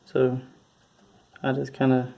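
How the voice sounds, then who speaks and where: A man giving a casual hands-on tutorial, talking in a halting, mumbling way as he works, recorded on a phone. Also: medium pitch, monotone, vocal fry, warm tone. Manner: mumbling, halting, thinking aloud. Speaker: tutorial presenter. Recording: faint background noise from phone recording.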